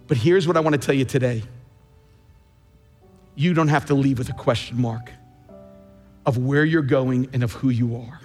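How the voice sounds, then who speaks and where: A middle-aged man preaching a sermon as pastor, emphatic, leaning hard on key words and slowing down to stress them. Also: fairly high pitch, a little mellow. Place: large church sanctuary. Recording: long hall reverb, faint music.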